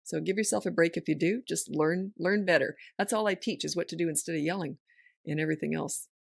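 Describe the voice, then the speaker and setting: Woman podcast host, middle-aged, frank and lively, dry studio sound. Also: on the low side, vocal fry, husky, dry recording. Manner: frank, lively storytelling with quick asides. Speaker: parenting coach and podcast host. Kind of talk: casual podcast chat.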